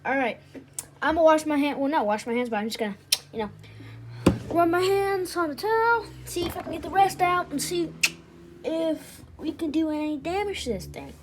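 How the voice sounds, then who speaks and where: A woman's voice: high voice, moderate pace. A woman giving casual running commentary as she takes apart a machine, chatty, laughing often and sometimes dropping to a whisper. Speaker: vlogger taking apart a machine. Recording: loud background noise with tool clicks.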